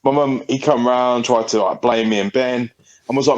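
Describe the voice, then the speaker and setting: A man's voice: medium pitch, fast, a little mellow, poor audio. A man, a podcast co-host telling a story in a rambling, sweary, casual way. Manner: rambling, sweary, laughing often.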